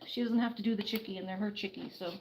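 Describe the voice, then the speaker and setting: A woman's voice: mid-range voice, steady tone, fast talker, a little mellow, a little hiss or hum, low-quality recording. A woman chatting through caring for an injured bird, coaxing and soothing it as she goes. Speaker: animal caretaker. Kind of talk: casual vlog narration. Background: dog barking.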